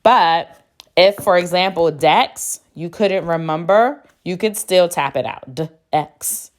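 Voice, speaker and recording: Woman, teacher, low-pitched, slow, deliberate, spells words letter by letter. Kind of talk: phonics spelling lesson. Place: classroom.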